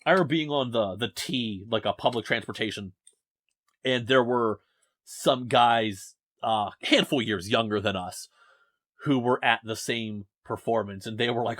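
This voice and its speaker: A man's voice: mid-range voice, normal speed, a bit bright, no echo. Young male podcast host, rambling and self-deprecating, dry close sound. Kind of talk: casual podcast chat. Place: home basement.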